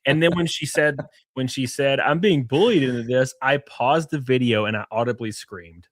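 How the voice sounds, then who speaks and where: A male co-host in casual livestream chat, talking in an animated way and often mimicking others' words. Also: medium pitch, moderate pace, dry recording.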